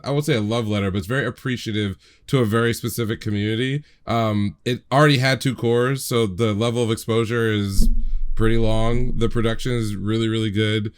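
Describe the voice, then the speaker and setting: Smooth-voiced rambling man. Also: on the low side, steady tone, a little fast. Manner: rambling, filler-heavy explaining. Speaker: podcast co-host. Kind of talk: casual chat.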